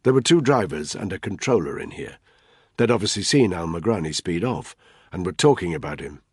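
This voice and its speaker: Deep, husky male audiobook narrator. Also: lively intonation, brisk, darkish tone, no room sound, studio quality. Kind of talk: scripted thriller narration.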